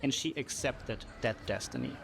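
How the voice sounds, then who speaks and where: A man giving a thoughtful, measured behind-the-scenes interview about a story. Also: medium pitch, gravelly. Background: music bed.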